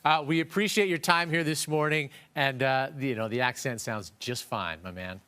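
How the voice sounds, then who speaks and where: A man's voice: mid-range voice, moderate pace, sharp tone, clear, resonant tone. A male TV news host doing a friendly, bantering morning interview.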